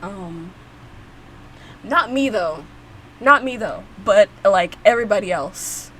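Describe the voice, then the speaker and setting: A woman's voice: mid-range voice, animated, takes it slowly, fairly bright tone, slight background noise, poor audio. A young woman hosting a reaction video, talking casually and rambling with lots of fillers and restarts. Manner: chatty, rambling, frequent fillers and restarts, laughs often.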